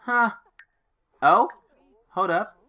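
This let's play host has a medium-pitched, slightly bright voice and draws out her words. She chats casually through a life-simulation game, reading choices aloud and giving the characters playful voices.

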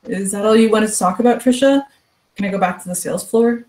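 A woman's voice: medium pitch, quick pace, a little mellow, roomy sound, lightly acted. A woman reading a story aloud, voicing an anxious young male store employee who speaks hesitantly and stammers. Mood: nervous.

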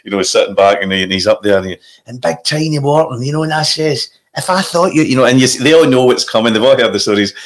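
A Scottish man chatting in a podcast, telling animated stories full of gangster impressions. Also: mid-range voice, fast. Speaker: guest comedian. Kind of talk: casual chat with impressions.

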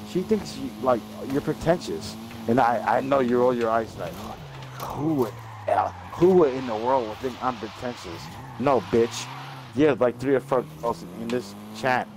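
Brash profane man ranting on a stream. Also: mid-range voice. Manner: brash, profane, repeats himself. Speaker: stream guest. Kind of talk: rambling livestream rant. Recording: noisy stream audio.

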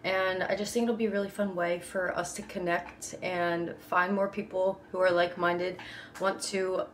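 A woman's voice: on the low side, little pitch movement, normal speed, slight background noise. A woman fitness coach talking to camera in an upbeat, affirming vlog style, often saying "like". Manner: upbeat, affirming, says "like" a lot. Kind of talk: motivational vlog talk.

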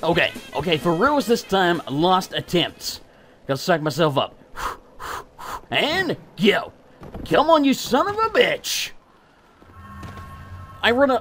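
A man's voice: high-pitched, sing-song, takes it slowly, a bit bright, soft background music. A man giving gameplay commentary, ranting in frustration, swearing a lot and laughing at himself. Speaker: let's play gamer.

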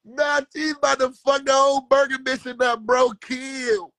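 A man with a DC-area accent chats on a livestream in laid-back slang, tagging his lines with "bro". His voice is very high, bright and gravelly. The sound is dry and close. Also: level tone, moderate pace, dry recording. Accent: Washington DC area. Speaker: streamer co-host. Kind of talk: casual storytelling on a livestream.

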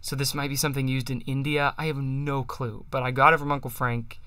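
Here the livestream host talks chant in a relaxed, self-deprecating way, breaking into sung psalm tones to illustrate. The delivery is flat and fairly quick, with a sharp yet smooth mid-range tone, recorded at studio quality with no room sound.

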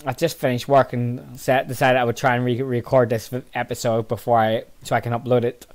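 A tired, yawning man commentating casually on his own football management game, muttering low between excitable outbursts. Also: a little fast. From Northern Ireland. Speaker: gaming channel host.

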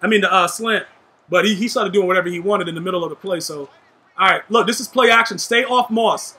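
A young man giving live gameplay commentary, trash-talking and shouting at his teammates in a hyped way. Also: high-pitched, fast talker. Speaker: gaming YouTuber.

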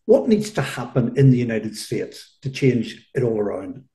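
A male interviewer asking a formal, measured question. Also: medium pitch, warm tone. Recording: echoey room.

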